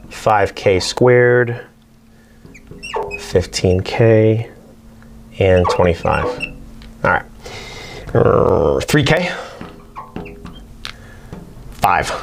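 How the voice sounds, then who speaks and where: A man's voice: on the low side, creaky, noisy background. A man teaching a casual whiteboard math lesson, chatting as he works through problems. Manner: chatty, talks to his barking dog between problems.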